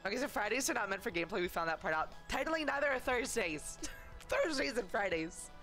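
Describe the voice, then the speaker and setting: A woman's voice: fairly high pitch, expressive, quick pace, a bit bright, faint music behind. Emotional gushing woman streamer. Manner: emotional, gushing, rambling with fillers. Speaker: livestreamer. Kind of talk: casual livestream chat.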